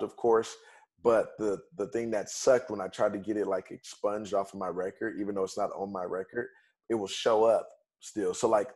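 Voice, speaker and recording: A man, a guest on a podcast, telling a personal story in a casual, conversational way, moving through events in quick steps. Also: fairly low pitch, a little mellow. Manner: conversational, retells events in quick steps with "bam" and "fast forward".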